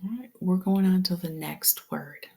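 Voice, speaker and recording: A woman teaching a phonics lesson step by step, patient and slow, often dropping to a whisper. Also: on the low side, vocal fry, darkish tone, breathy edge.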